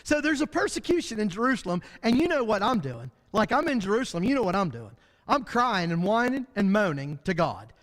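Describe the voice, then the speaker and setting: A man's voice: sits high, sing-song, a little fast, hardly any pauses, fairly bright tone, in a large hall. A man teaching a Bible study lesson in a church, talking animatedly and acting out the voices of the people he describes. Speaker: preacher.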